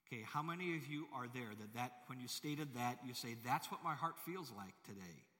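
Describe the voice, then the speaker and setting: A man's voice: medium pitch, animated, normal speed, hardly any pauses, a bit bright. A male pastor preaching a sermon in a large church, emphatic and full of rhetorical questions to the congregation. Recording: long hall reverb.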